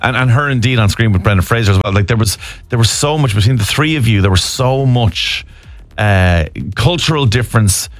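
A man's voice: mid-range voice, expressive, fairly quick, no room sound. A middle-aged Irish man interviewing a guest in a chatty, enthusiastic way. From Ireland. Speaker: journalist interviewer.

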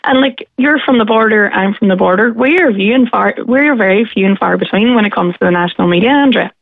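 A woman's voice: medium pitch, fast, creaky, dry recording. A woman from Derry with a Derry accent, calling into a radio show and speaking forthrightly and with passion. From Derry, Northern Ireland. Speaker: radio caller. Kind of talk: radio phone-in discussion. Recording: tinny phone line.

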